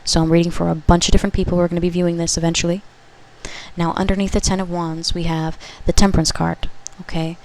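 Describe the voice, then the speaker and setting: In a relaxed, chatty pick-a-card collective reading, a woman with a somewhat low voice repeatedly asks "okay?" and revises her sentences as she goes. There's a little hiss or hum in the audio.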